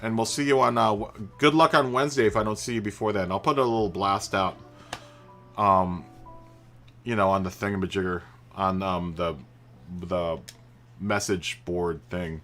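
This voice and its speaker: Chatty man with a bright voice. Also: lowish voice, moderate pace, soft background music. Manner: relaxed and chatty, greets viewers by name, laughs often. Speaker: live stream host. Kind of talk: casual live stream chat. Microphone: studio microphone through a mixer.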